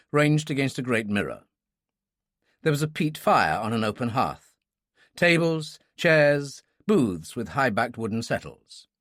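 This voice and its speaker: A male audiobook narrator reading a thriller in an expressive way, his pitch moving a lot through each sentence. The recording is dry and close, with no room sound. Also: no echo. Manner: expressive, voices many characters.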